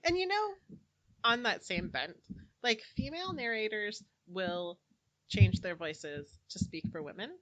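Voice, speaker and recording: Bright-toned woman chatting about books. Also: mid-range voice, animated, unhurried, dry recording, low-quality recording. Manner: chatty, laughs often, trailing asides. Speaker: book club co-host. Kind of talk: casual book discussion.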